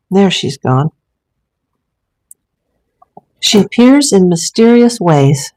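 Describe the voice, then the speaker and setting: A woman's voice: mid-range voice, lively intonation, unhurried, few pauses, darkish tone, poor audio. A woman hosting a casual livestream from a room at home, talking in a rambling, chatty way with many fillers. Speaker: livestream host. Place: home room with a green screen and ring light.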